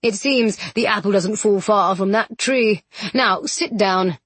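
A smug, silky older nobleman who threatens with easy condescension, as a woman narrator puts him on. The voice is slightly breathy and recorded dry, with no room around it. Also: mid-range voice, a little slow, fairly bright tone, no echo. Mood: menacing. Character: scheming aristocratic male villain, older, smug.

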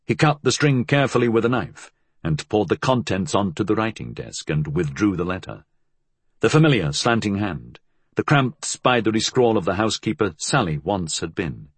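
A man reading a novel aloud as an audiobook narrator, telling the story in a measured, expressive way. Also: fairly low pitch, slightly rough, dry recording. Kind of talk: scripted narration.

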